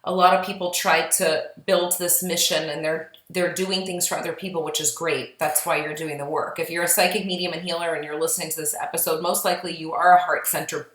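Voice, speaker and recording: Podcast co-host, a woman, earnest and chatty, slightly low voice, echoey room. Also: a little fast, few pauses. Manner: chatty, earnest, animated when quoting. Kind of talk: casual podcast talk. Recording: roomy echo.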